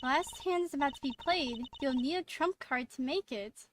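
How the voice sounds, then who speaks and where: A woman's voice: sits high, moderate pace, no room sound, close to an everyday voice. A woman voicing a cheerful young girl magician, speaking playfully and mysteriously.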